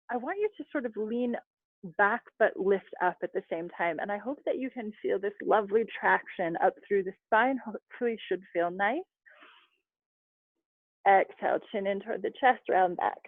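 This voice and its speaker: A woman leading a yoga class over a video call, giving calm, chatty cues with little laughs and asides. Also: mid-range voice, no room sound. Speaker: yoga instructor. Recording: dry, phone-like video call audio.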